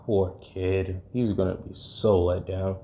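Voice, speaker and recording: A man voicing a stern, weary woman fighter who mentors a boy, speaking low and subdued. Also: unhurried, mellow, close to an everyday voice.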